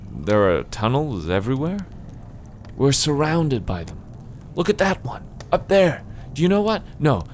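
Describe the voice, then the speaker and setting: A man reading game dialogue as a rambling, flustered cave writer who talks in high, excited bursts and keeps restarting his sentences. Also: a little hiss or hum, natural voice. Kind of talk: voice acting a game's dialogue.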